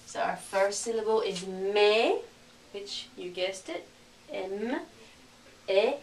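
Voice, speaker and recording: Slow, patient woman teaching a lesson. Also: mid-range voice, echoey room, recorded from a distance, a little hiss or hum. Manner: slow, clear, repeats words for learners. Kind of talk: recorded lesson.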